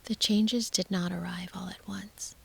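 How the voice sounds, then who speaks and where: Female storyteller, whispered sleep-story narration; hushed, soothing, heavy fry and breath in the voice. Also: medium pitch, fairly even intonation, measured pace.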